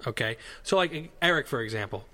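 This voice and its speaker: A man's voice: mid-range voice, expressive, brisk, bright, forceful tone. Guy cohosting a chill podcast, rambly, keeps going off on tangents and cracking jokes. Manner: rambling, digressive, jokey. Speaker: podcast co-host. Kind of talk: casual podcast banter. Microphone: headphones and studio mic.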